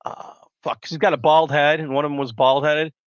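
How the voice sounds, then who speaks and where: A man's voice: a little high, level tone, fairly quick, smooth, no echo. A man, hosting a live stream and telling rambling stories, swearing constantly. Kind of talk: profane casual storytelling chat. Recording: dull lo-fi dry sound.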